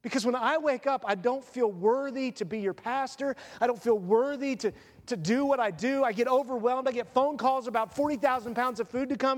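A man's voice: very high voice, brisk, long reverb tail. A middle-aged man preaching an earnest, confessional sermon as pastor.

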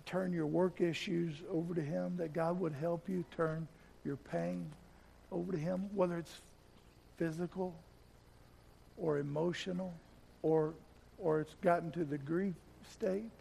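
A middle-aged man preaching a sermon as pastor, telling a personal story, often repeating words and growing soft and slow at tender moments. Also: on the high side, fairly even intonation, a little hiss or hum. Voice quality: gravelly. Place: church.

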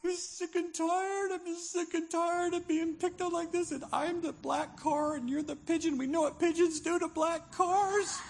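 A man voicing a worn-out, put-upon person in a high, whiny falsetto. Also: fairly even intonation, moderate pace, gravelly, few pauses, slight background noise. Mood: fed up. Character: worn-out person whining at tormentors.

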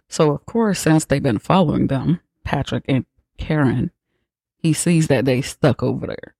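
A man's voice: on the high side, unhurried, vocal fry, warm tone, breathy edge, dry recording. A man hosting a podcast, retelling a film in a casual, profane, sarcastic way. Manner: profane, sarcastic, slangy storytelling. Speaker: podcast host recapping a film. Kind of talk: casual movie recap.

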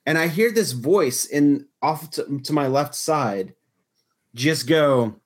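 A man's voice: a little high, animated, slow. A young man chatting casually as a podcast host, telling a long story with lots of restarts and filler words. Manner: rambling storytelling with frequent restarts. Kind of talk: casual chat.

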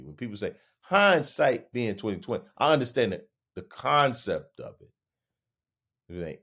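A man hosts a solo podcast. He muses slowly and pokes fun at himself, then swells into sudden emphatic encouragement. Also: sits low. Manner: musing, self-deprecating, joking asides; slow, drawn-out phrasing with sudden emphatic rises. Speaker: podcast host. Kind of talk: reflective solo monologue.

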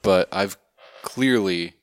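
Deep-voiced man hosting a podcast. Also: slow, no echo. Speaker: podcast host leading the discussion. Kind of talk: casual podcast chat.

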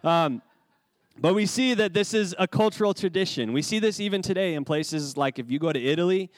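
A man's voice: high voice, lively intonation, a little fast, no echo. A man preaching a sermon as pastor, in a conversational way with casual asides.

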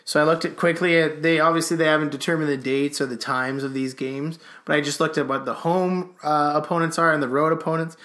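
A man's voice: fairly high pitch, little pitch movement, brisk, few pauses, fairly bright tone. A man hosting a podcast in casual chat, reading out listener questions in a laid-back way and swearing casually. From Canada. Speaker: podcast host.

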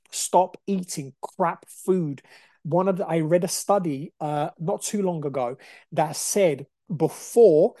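A young man hosting a solo podcast, talking in an emphatic, energetic, motivational way. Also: high-pitched, dry recording, clean studio sound. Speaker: podcast host.

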